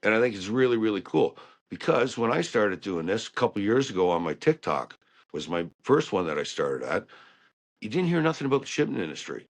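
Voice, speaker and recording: A man telling stories about working on ships in a casual, animated way. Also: lowish voice, fairly quick. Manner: animated storyteller who acts out quotes. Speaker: guest, ship engineer. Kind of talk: casual storytelling chat.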